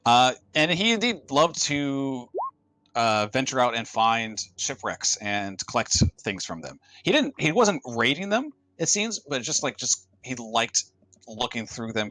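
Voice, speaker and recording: A man running a tabletop game as game master, talking in a halting way with many restarts. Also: mid-range voice, animated, bright, forceful tone, no echo. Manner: halting, full of fillers and restarts.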